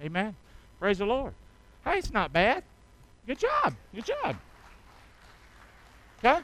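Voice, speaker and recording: Middle-aged male preacher, bright forceful tone, swings between soft asides and loud calls to the congregation. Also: sits high, wildly swooping pitch, takes it slowly, low-quality recording. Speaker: pastor. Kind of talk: sermon.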